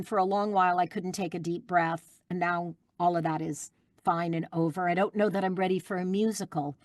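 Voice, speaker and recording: A middle-aged woman, a guest voice actress, chatting in an interview and telling lively stories with plenty of fillers. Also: fairly low pitch, no room sound, clean studio sound. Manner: warm, animated storytelling with fillers. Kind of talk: casual interview chat.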